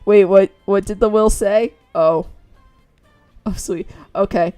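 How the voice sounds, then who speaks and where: A woman's voice: medium pitch, fairly even intonation, takes it slowly, dark tone, faint music behind. A woman streaming as she draws, chatting casually and giggling as she retells things with acted quotes. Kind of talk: casual chat while drawing.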